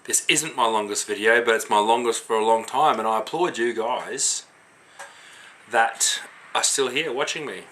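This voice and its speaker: A man's voice: mid-range voice, moderate pace, pushed and bright, slight background noise. Tipsy Australian man ranting about beer. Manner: swearing, slangy, rambling. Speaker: homebrewing vlogger. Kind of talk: casual rant to camera.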